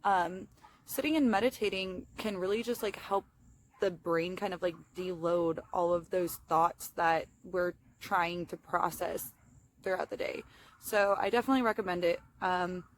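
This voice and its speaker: A woman's voice: on the low side, fairly even intonation, normal speed, a little hiss or hum. A young woman with a lisp, chatting casually and apologetically outdoors in a self-help vlog, with lots of fillers. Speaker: vlogger.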